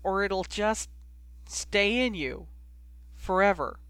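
A man's voice: high voice, expressive, a little slow, fairly bright tone, no room sound, full character voice. A man voicing a determined young witch who pleads through tears. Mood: pleading.

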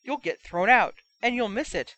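A man's voice: sits high, expressive, moderate pace, sharp tone, pitched above the performer's own voice. A woman voicing a firm, fatherly older man holding a young friend back. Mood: firm urging. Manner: firm, commanding.

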